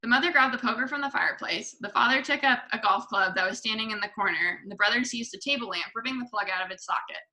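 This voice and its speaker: A woman reading a children's book aloud to a book club, expressive with small slips. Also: on the high side, fast talker, few pauses, poor audio.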